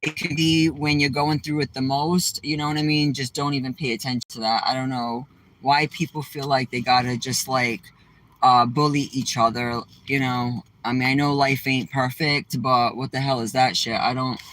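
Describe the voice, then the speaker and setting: Bright-voiced Massachusetts guy ranting. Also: mid-range voice, little pitch movement, normal speed, poor audio. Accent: Southeastern Massachusetts. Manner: rambling, blunt, swears freely. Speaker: vlogger. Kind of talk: casual livestream chat while driving. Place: inside a car. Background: faint vehicle noise.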